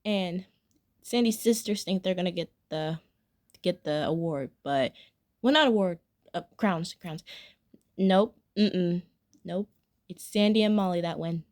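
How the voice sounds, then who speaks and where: A woman's voice: fairly low pitch, measured pace, long pauses, darkish tone. A young adult woman giving a casual spoken review of a cartoon episode, rambling and gushing, full of fillers and restarts.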